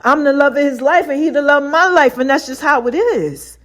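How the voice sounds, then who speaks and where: A woman hosting her own podcast, talking through her faith in an animated, slang-heavy way and often laughing. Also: high voice, a little fast. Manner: conversational slang-heavy delivery, addresses listeners directly. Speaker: podcast host. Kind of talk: casual faith talk monologue.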